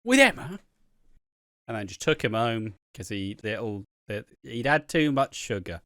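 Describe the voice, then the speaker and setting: A man's voice: lowish voice, normal speed, a bit bright, no echo, clean studio sound. A man, co-hosting a podcast, swearing, laughing and acting out scenes in voices. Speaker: podcast co-host. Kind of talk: casual chat recapping a soap.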